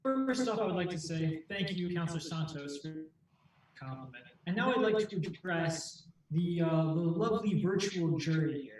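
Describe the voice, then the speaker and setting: A man's voice: a little high, animated, normal speed, darkish tone, a little hiss or hum. A man doing improv comedy as a mock lawyer, making a theatrical, persuasive closing argument. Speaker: improv performer arguing for muffins. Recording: echoey room, far from mic.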